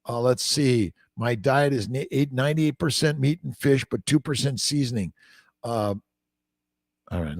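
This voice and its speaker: A man with a gravelly, mid-pitched voice talks loosely and profanely as a fertility doctor on a livestream. He reads out viewer comments and answers them on the fly, hopping between topics. The sound is dry and close. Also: darkish tone, dry recording. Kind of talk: casual livestream Q&A.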